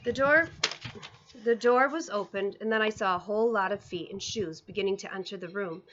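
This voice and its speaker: A woman reading a children's book aloud, expressive, with small slips and restarts. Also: mid-range voice, a little fast, muffled recording, a little hiss or hum. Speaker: reader. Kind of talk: storybook read-aloud.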